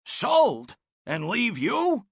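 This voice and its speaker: A man's voice: very high-pitched, wildly swooping pitch, very slow, vocal fry, a bit bright, slightly rough, dry recording, studio quality, voice pushed up, heavily acted. Porky, a man doing a wisecracking guinea pig. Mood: teasing. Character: sassy male guinea pig, a scheming faker.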